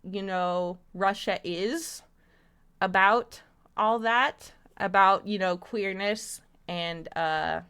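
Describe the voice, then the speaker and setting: A woman's voice: mid-range voice, takes it slowly, fairly bright tone, smooth. A woman live streamer chatting casually and loosely with her viewers, swearing freely. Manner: loose, profane, talks straight to chat.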